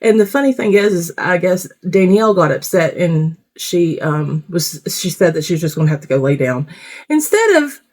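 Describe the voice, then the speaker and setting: A woman's voice: on the low side, lively intonation, moderate pace, darkish tone. Blunt, swearing woman reacting to TV. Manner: blunt, swears freely, rambling asides. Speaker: reality TV commentator. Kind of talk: casual reaction commentary.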